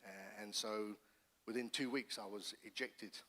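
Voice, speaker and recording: A middle-aged man, a pastor, giving his testimony in church with earnest, animated storytelling. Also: lowish voice, a little slow. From England. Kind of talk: personal testimony sermon. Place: church hall. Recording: long church hall reverb.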